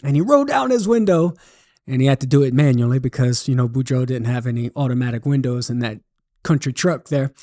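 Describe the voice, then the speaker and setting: A man from southern Louisiana with a Cajun accent, hosting a religious radio talk show as an animated storyteller. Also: medium pitch, a little fast. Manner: animated storyteller, jokes and laughs. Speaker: radio show host, apologist.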